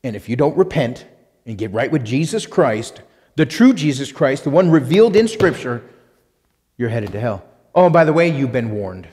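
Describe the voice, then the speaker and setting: A man's voice: medium pitch, very animated, moderate pace, darkish tone, in a large hall. A man preaching a sermon as pastor, emphatic and repetitive, with rhetorical questions and sudden bursts of force. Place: church sanctuary.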